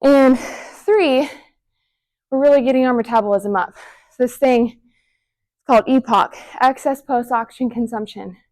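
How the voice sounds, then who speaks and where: A woman's voice: on the high side, moderate pace, long pauses, darkish tone. Breathless upbeat woman coaching a workout. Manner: encouraging, counting down reps between short breathy exhales. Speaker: fitness instructor. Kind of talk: follow-along workout instruction.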